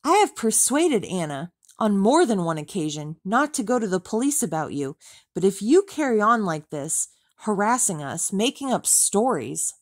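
A woman's voice: on the low side, lively intonation, normal speed, no echo, clean studio sound. A woman reading an audiobook, voicing an angry, exasperated man who snaps at his ex-wife. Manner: furious, exasperated, snapping.

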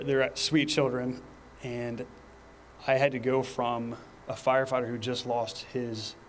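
Guy in his 30s giving a fire training talk, earnest and steady, kinda monotone, little hiss behind. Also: medium pitch. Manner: earnest, personal storytelling with pauses and restarts. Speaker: fire department lieutenant presenter. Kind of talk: training presentation.

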